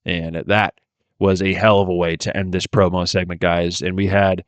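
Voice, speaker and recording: A man's voice: low voice, level tone, moderate pace, clean tone, dry recording. A man giving a casual, rambling wrestling review, retelling with many fillers and plenty of enthusiasm.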